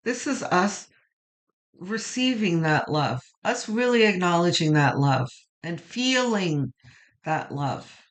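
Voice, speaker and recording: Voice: mid-range voice, lively intonation, takes it slowly. A tarot reader giving a weekly reading to viewers, reflective and rambling, with many fillers and restarts, and emotional, moved near tears.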